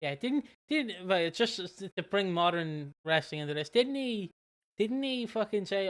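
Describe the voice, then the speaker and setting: Chatty man, smooth voice. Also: on the high side, moderate pace, a bit bright. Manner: swearing, jokey, rambling with fillers. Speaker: podcast co-host. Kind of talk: casual chat.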